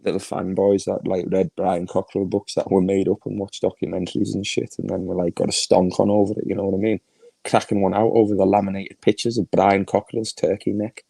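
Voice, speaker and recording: A man's voice: low voice, level tone, fairly quick, creaky, warm tone, breathy edge, no echo, poor audio. A man with a Liverpool accent hosting a livestream, ranting crudely and mockingly, laughing often. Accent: Liverpool (Scouse). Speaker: livestream host.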